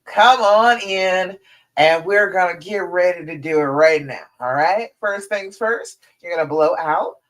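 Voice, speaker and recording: A woman's voice: fairly low pitch, moderate pace, hardly any pauses. A woman relationship coach on a live stream, leading listeners through counted breathing and talking them through journaling in an encouraging, direct way. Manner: addresses listeners directly as ladies and girl.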